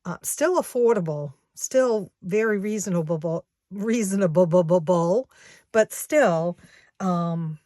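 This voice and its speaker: A woman's voice: fairly low pitch, animated, slow pace, a little mellow, no room sound, clean studio sound. A woman in her sixties, a craft shop owner chatting casually to her viewers, rambling and often going back to correct herself. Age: 60s.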